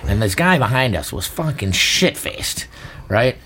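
A man co-hosting a podcast, telling crude stories in an animated, laughing way. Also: medium pitch, measured pace, a loud crowd. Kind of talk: casual chat.

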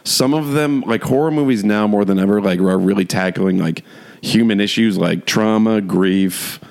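A man's voice: on the low side, normal speed, vocal fry, darkish tone. A young man co-hosting a podcast, rambling in casual chat and laughing often. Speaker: podcast co-host.

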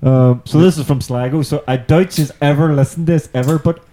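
A man's voice: fairly high pitch, fairly even intonation, fairly quick, mellow. A man with a Belfast accent, hosting a casual podcast chat, chatty, laughing often and swearing freely. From Northern Ireland. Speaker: podcast host.

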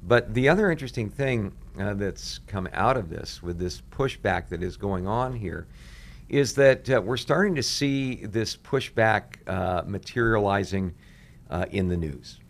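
A man, a pastor and show host, commenting on current events and reading quotes aloud, pausing often with "uh" fillers. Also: fairly low pitch, animated, vocal fry. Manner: frequent "uh" fillers, reads quotes aloud with rising intensity.

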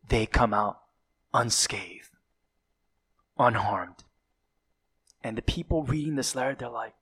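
A man's voice: medium pitch, lively intonation, slow, long pauses, a bit bright, breathy edge. A man preaching a sermon, building dramatic emphasis and sometimes dropping to a whisper, with occasional fillers and self-corrections.

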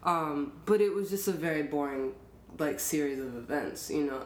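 Woman, very low voice, podcast host, relaxed storyteller, roomy echo. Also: moderate pace, a crowd in the background. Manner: relaxed, storytelling, laughs easily. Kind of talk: casual conversation. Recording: roomy echo, faint noise.

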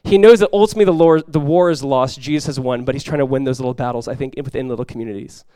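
A man preaching a sermon as pastor, telling stories with lively energy, then dropping quiet and slow to press a point. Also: medium pitch, smooth, dry recording, clean studio sound. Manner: animated storytelling, drops quiet and slow for emphasis; conversational, many fillers like "like" and "you guys".

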